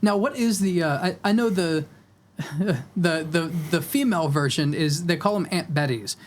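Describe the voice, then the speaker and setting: A man hosting a casual podcast, his voice pitched a little high for a man. He laughs often and stumbles through fillers as he retells a friend's stories. A faint hiss sits under the recording. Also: normal speed. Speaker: podcast host.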